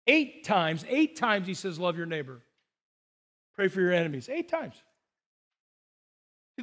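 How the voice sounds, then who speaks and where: A man preaches with a strikingly high voice. He tells stories full of quoted dialogue and swings from excited outbursts to low, hushed emphasis. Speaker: pastor. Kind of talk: sermon.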